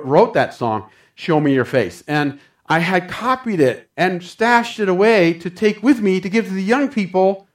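A man delivers a sermon in a fervent, storytelling way, often addressing his congregation as saints. His voice sits somewhat higher than most men's. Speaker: preacher.

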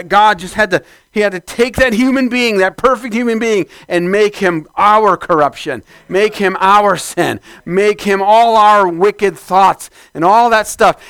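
A man preaching a sermon in church, praying fervently and then teaching more softly, with bursts of shouting. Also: high voice, no room sound. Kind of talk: sermon with prayer.

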